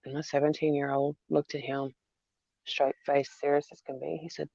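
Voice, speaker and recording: Gravelly-voiced woman venting haltingly. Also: sits low, flat delivery, mellow, no echo, highs cut off. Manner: halting, repeats herself, many fillers. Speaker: mother vlogger. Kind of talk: emotional personal vlog.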